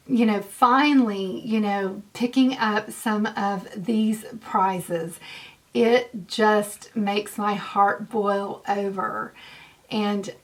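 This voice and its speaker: A woman in her fifties hosting a giveaway announcement vlog, gushing and effusive, repeating herself often. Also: medium pitch. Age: 50s. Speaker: beauty vlogger.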